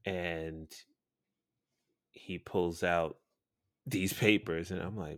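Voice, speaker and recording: A man's voice: low voice, steady tone, drawn-out words, a bit bright, no room sound, clean studio sound. A man hosting a podcast, telling a story in a blunt, profane, chatty way and laughing now and then. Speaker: podcast host and radio personality.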